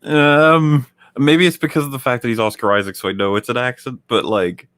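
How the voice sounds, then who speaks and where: A British man talking as a guest on a live stream, relaxed and easygoing. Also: mid-range voice, brisk, no room sound. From Britain. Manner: relaxed and easygoing, laughs often. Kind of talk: casual live-stream chat.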